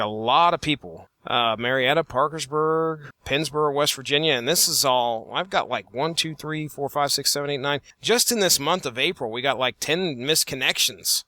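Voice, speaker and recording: A man co-hosting a casual podcast, reading online listings aloud in an animated way and laughing often. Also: fairly high pitch, no echo. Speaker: podcast co-host.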